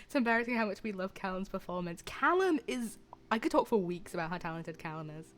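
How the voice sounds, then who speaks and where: A woman's voice: mid-range voice, animated, quick pace. A young woman streaming a visual novel, reading the narration aloud and breaking off for chatty, laughing asides.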